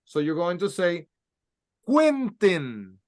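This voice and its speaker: Slow, high-voiced man teaching Spanish. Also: expressive, a bit bright. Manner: slow, carefully sounds out letters and words for repetition. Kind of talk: classroom language lesson.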